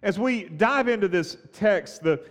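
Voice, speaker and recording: A man preaching a sermon as a pastor, earnest and halting, often restarting his phrases. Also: sits high, animated, in a large hall.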